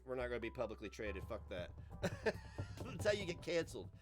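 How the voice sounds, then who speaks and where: A man's voice: mid-range voice, very animated, brisk, music in the background. A man live-streaming, chatting loosely with viewers, joking and laughing often as he reads chat aloud.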